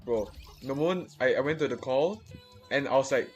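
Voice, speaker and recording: A man's voice: mid-range voice, lively intonation, measured pace, soft background music. A young man venting in casual chat, swearing freely and rambling through many restarts and repeated words.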